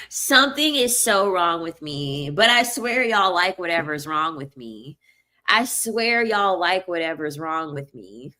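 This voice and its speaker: Young woman, bright forceful voice, lowish pitch, animated storytelling vlog, repeats herself. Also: unhurried. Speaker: vlogger. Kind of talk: casual storytelling monologue.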